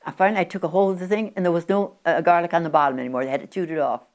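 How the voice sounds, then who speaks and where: Elderly woman in her nineties with a low voice, a rambling interviewee recalling the past. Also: steady tone, very fast, darkish tone. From Oregon, USA. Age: 90s. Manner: chatty, with frequent restarts and stumbles. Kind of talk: rambling reminiscing. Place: at her country home.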